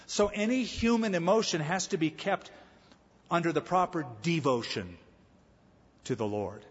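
Male pastor, fairly high voice with a husky edge, storytelling sermon delivery, church reverb. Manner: storytelling preacher with humor. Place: church sanctuary. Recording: echoey hall, slightly dull sound.

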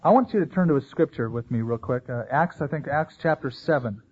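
A man preaching a sermon as pastor, lively and storytelling, acting out the people he quotes. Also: medium pitch, a little fast, slight background noise. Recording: tinny phone-like sound.

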